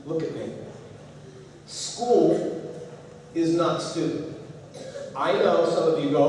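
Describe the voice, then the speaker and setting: A man's voice: a little high, measured pace, long pauses, darkish tone, a little hiss or hum. A middle-aged man giving a motivational talk to students at a school assembly, telling a story and acting out the voices in it. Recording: echoey hall, far from the mic.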